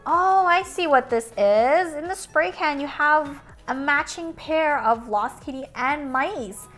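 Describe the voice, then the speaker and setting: A woman's voice: high voice, slow, a bit bright, soft background music. A woman hosting a casual toy unboxing, bubbly and exclaiming as she talks to viewers like friends.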